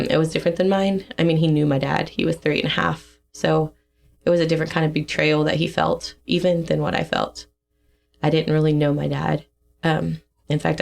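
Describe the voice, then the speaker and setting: A young woman giving a personal testimony in a podcast interview, emotional and halting, with fillers and soft laughs. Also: low voice, vocal fry.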